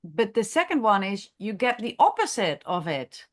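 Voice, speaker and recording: A woman who is a chiropractor, leading a masterclass discussion in an unscripted, halting way, thinking aloud with many fillers and restarts. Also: medium pitch, big pitch swings. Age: adult, has a grown daughter. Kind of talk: unscripted teaching talk.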